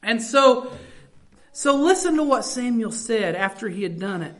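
High-voiced woman preaching a sermon. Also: lively intonation, a little slow. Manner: reads scripture aloud, then explains it in plain, earnest talk with repeated words.

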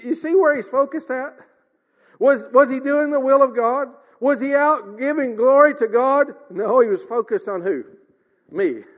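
A man preaches an earnest sermon, frequently addressing his listeners as dear ones while his voice swings up and down in pitch. The recording is lo-fi with long hall reverb.

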